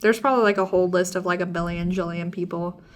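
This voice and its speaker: A young woman co-hosting a library book podcast, chatting casually with lots of "like" and quick laughs. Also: lowish voice, steady tone. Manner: chatty, giggly, heavy use of "like".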